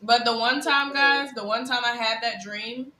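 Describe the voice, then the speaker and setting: A woman on a talk show panel, telling a personal story in an animated way. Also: a little high, moderate pace, roomy sound, low-quality recording. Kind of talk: casual panel chat.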